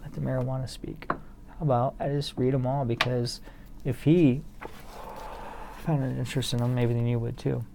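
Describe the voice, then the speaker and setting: A man's voice: mid-range voice, fairly even intonation, moderate pace, gravelly, long pauses, noisy background. A man casually telling a rambling, profane story to an absent audience, laughing along at it, then reading poems aloud. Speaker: solo streamer or vlogger reading poems.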